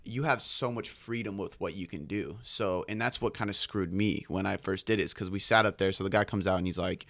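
A man's voice: low-pitched, steady tone, brisk, a bit bright, no echo. A young man telling stories in a laid-back, slangy way on a casual podcast. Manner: laid-back storytelling, slangy, says "bro". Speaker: podcast co-host.

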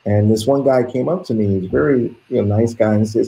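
A man from the United States telling stories as an interview guest, animated and acting out the quotes. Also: lowish voice, quick pace, vocal fry. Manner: animated storyteller who acts out quotes. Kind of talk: casual anecdote telling. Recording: roomy echo.

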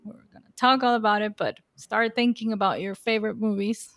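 An upbeat woman co-hosts a relaxed podcast, her voice dry and close to the mic with no room sound. She talks casually and keeps things moving. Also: medium pitch, brisk, dry recording. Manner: upbeat, announcing next topics. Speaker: co-host.

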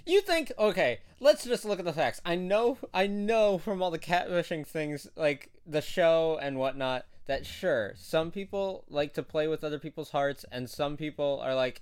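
Smooth-voiced young man riffing casually. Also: a little high, animated, moderate pace, few pauses. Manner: rambling, acts out silly quoted voices. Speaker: podcast co-host. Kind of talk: casual comedic chat.

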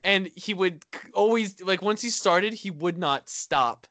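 A man's voice: high-pitched, measured pace, a bit bright, dry recording. A young man co-hosting a casual podcast, teasing his friends and swearing casually. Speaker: podcast co-host. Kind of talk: casual chat.

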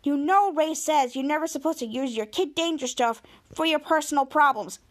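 A woman's voice: high voice, moderate pace, close to an everyday voice. A woman quoting the worried, scolding lines of a sensible teenage girl while retelling a show.

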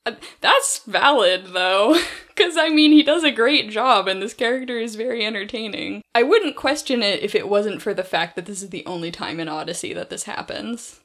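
With a mid-range, slightly bright voice at a normal speed, a woman co-hosting a podcast chats in a relaxed, animated way and laughs often.

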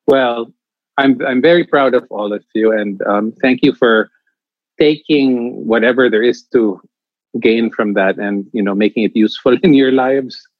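Animated man on a dull, dry recording. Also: medium pitch, measured pace, no echo. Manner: emphatic, animated, many restarts. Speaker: theatre director and acting mentor. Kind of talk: candid interview answers.

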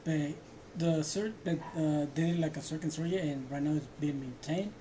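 A man's voice: a little high, normal speed, mellow, slight background noise. A man co-hosting a casual podcast, giving news updates with some hesitation. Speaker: podcast co-host. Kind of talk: casual chat.

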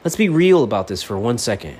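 A man's voice: mid-range voice, very animated, a little fast, a little mellow, slightly rough. A man hosting his own sports fan podcast, delivering a profane, fired-up monologue. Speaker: podcast host. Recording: faint background noise.

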